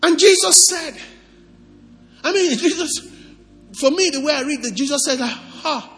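A man preaching a sermon as pastor, animated and asking the congregation questions. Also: very high-pitched, moderate pace, big-room sound, soft background music.

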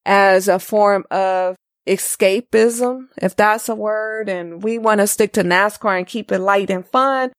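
A woman's voice: mid-range voice, a little slow, few pauses, no echo, clean studio sound. A woman co-hosting a casual racing podcast, chatting and reading listener comments aloud. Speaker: podcast co-host.

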